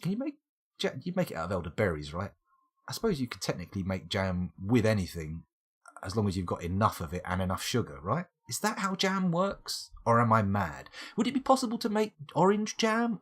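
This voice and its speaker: A man chats his way through a game on a live stream, wandering into silly tangents and enjoying odd words. His voice is slightly husky, and his pitch leaps around animatedly from line to line. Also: a bit bright. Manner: rambling, playful tangents and wordplay. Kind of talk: casual live-stream gameplay commentary.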